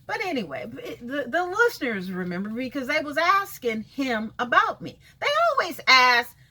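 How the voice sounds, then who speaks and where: A woman's voice: sits high, big pitch swings, moderate pace, bright, forceful tone. A woman venting in a casual video rant, blunt and sassy, cursing freely and talking straight to people she calls out. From California. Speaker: vlogger.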